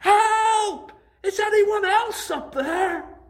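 A man voicing a frightened man who is hanging from a cliff branch and shouting desperately for help, as part of a joke in a sermon. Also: very high-pitched, extremely slow, voice pushed up, exaggerated voice. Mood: panicked shouting.

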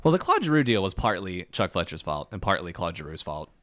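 A man co-hosting a podcast in casual chat, telling jokey stories in an animated way. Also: low voice, fairly quick, no room sound. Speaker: podcast co-host.

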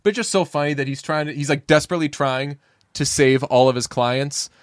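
A man chats casually on a podcast about a film, animated and loose, throwing himself into quoted lines and dropping the odd swear. His voice sits a little higher than most men's. The sound is dry and close, with no room around it. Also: a little fast, no echo. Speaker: podcast co-host. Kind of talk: casual chat about a movie.

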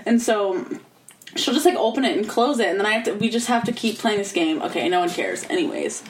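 A young woman co-hosting a casual podcast chat, excitable and quick to laugh, with a bit of swearing. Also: medium pitch, a little hiss or hum. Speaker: podcast co-host. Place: room at home, recording remotely.

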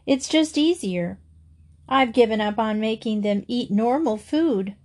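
A woman's voice: a little high, expressive, measured pace, a little mellow. A woman reading aloud and voicing a breezy, matter-of-fact mother of five in a storybook.

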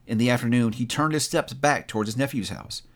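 A man narrating a classic story aloud with expressive, animated delivery. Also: mid-range voice, brisk.

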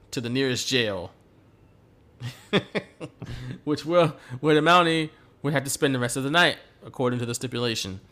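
A man's voice: mid-range voice, fairly bright tone. A man hosting a podcast who tells stories animatedly and laughs often. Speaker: podcast host. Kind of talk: casual chat recapping wrestling.

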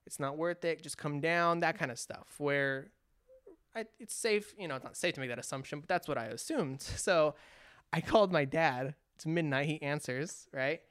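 Someone from California, speaking at normal speed in a clear, resonant mid-range voice, shares a long personal story during a casual chat. The studio sound is clean with no room sound, and the delivery is animated, full of acted-out quotes and repeated restarts.

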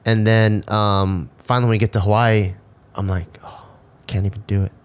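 A man's voice: lowish voice, normal speed, clear, resonant tone. A man in his thirties co-hosting a casual chat, telling stories with lots of swearing and acted-out quotes. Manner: profane animated storyteller who acts out quotes. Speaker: podcast co-host.

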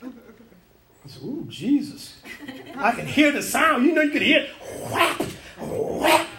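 A man preaches with a high, bright voice. He tells a dream in lively detail and acts out the voices and sounds in it. The sound carries an echo of the room around him. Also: measured pace, a crowd in the background. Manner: animated storytelling, acting out voices and sounds. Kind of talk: sermon testimony.

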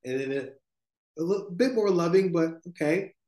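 Male podcast guest, slightly high voice, reflective spiritual talk, echoey room sound. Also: animated, warm tone. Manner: slow, thoughtful, spiritual tone with frequent "like" and "right?". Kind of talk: reflective conversational storytelling.

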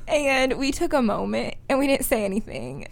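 A woman's voice: a little high, sing-song, fairly quick, creaky, darkish tone. A young woman co-hosting a podcast, telling a story in a chatty, giggly way with lots of filler words. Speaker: podcast co-host. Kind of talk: casual storytelling chat.

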